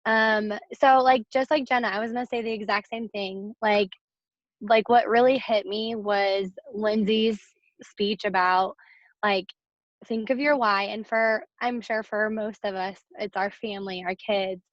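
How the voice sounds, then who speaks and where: A woman talking on a video call from her car, earnest and emotional with halting restarts. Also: medium pitch, fairly even intonation, no room sound. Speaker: team member sharing on a call. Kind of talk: casual group video call. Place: parked car. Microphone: phone or laptop on a video call. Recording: dull dry call audio.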